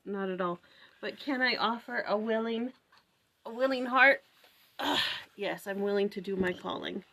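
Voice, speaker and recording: A woman's voice: medium pitch, moderate pace, vocal fry, bright, forceful tone. A woman hosting a casual morning scripture-study vlog at home, thinking aloud with lots of "like" and "right?". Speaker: vlog host.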